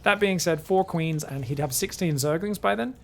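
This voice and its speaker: A man's voice: a little high, normal speed, creaky, slight background noise. A man casting a game live on his own, chatty and rambling, talking straight to his viewers. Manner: chatty, rambling, talks to chat. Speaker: game caster. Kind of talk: live solo game commentary.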